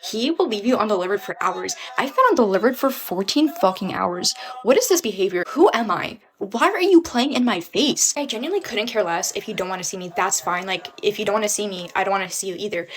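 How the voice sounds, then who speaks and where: A woman's voice: on the high side, fairly bright tone, slight background noise. Exasperated young woman venting. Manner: exasperated, profane, rhetorical questions. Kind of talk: venting to camera.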